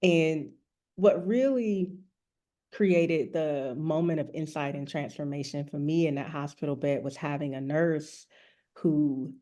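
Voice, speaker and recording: A woman speaks as a guest in an interview, telling her own story in a candid, reflective way. Her voice sits low, with a mellow, relaxed tone. She talks earnestly and plainly as a rest coach and author. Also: a little slow.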